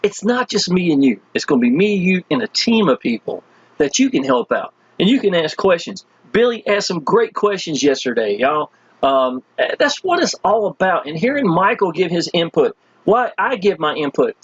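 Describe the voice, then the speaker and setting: A high-voiced man with a husky edge, whose pitch swoops up and down as he pitches with folksy enthusiasm. The sound is dry and close, with no room echo, but a little dull and lo-fi. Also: sing-song, moderate pace. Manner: folksy and enthusiastic, constantly addressing listeners as "y'all". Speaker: online marketing promoter. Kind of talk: casual sales pitch walking through web pages.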